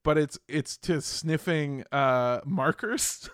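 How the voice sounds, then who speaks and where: A man's voice: a little high, takes it slowly, fairly bright tone, smooth, no room sound, studio quality. A young man chatting casually on a podcast, telling rambling anecdotes, laughing often and swearing casually. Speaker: podcast guest. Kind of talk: casual chat.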